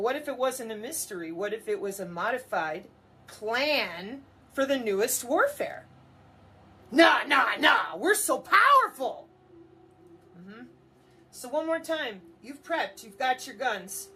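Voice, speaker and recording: A woman's voice: on the high side, fairly bright tone, slightly rough. A woman in a mocking, profane monologue to camera, full of sarcasm. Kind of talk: ranting monologue.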